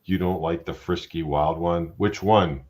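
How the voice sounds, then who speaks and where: A man's voice: sits low, measured pace, a little mellow. A middle-aged man hosting a casual live-stream chat, blunt and profane, joking around. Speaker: host.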